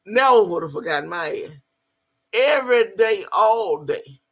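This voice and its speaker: A woman telling a personal story in a casual, animated way, swearing freely as she goes. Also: mid-range voice, a little slow, slightly rough.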